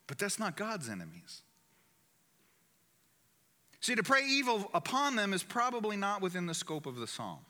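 A man's voice: high-pitched, wildly swooping pitch, normal speed, long pauses, sharp tone. A man preaching a sermon in an emphatic way, repeating key phrases for weight. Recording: echoey hall.

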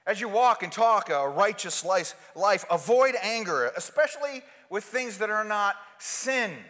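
A male pastor preaching a sermon, shifting between loud, forceful outbursts and soft, quiet asides. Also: high voice, expressive, measured pace, in a large hall.

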